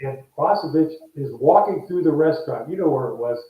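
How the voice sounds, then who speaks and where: Fairly quick and a little high-pitched, a former ballplayer in his later years spins animated stories during a relaxed interview, performing the quoted voices himself. It comes through an echoey, distant, dull remote line.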